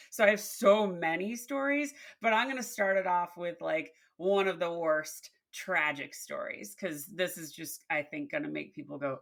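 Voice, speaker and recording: A woman's voice: fairly low pitch, gravelly. A woman leadership coach telling workplace stories as a podcast guest, acting out the dialogue as she goes. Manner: expressive storyteller, acts out dialogue. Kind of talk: storytelling interview.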